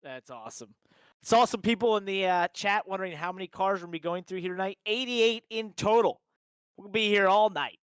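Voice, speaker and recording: A man hosting a live racing stream, pitched a touch high with a smooth, polished tone. He calls each lap with mounting excitement and keeps repeating his favorite hype phrases. The sound is dry and close, with no room around it. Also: moderate pace, no room sound. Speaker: sim racing broadcast host. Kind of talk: live race commentary.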